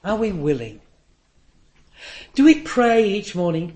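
Older guy preaching, tells earnest little stories, slightly high voice. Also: very animated, slow pace, pauses often, a little mellow. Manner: earnest storytelling with asides. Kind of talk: sermon.

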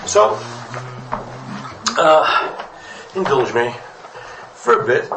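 A man's voice: mid-range voice, very animated, very slow, gravelly, sharp tone, slight background noise. A man preaching a rambling, good-humoured parable in a church. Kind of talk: storytelling sermon. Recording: echoey room from a distance.

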